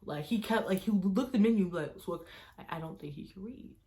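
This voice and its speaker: A woman's voice: medium pitch, animated, fast talker, dark tone. A young woman telling a story to her camera in a casual, chatty way, full of "like" and quoted back-and-forth. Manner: casual, fills speech with "like", retells dialogue in quoted voices. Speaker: vlogger.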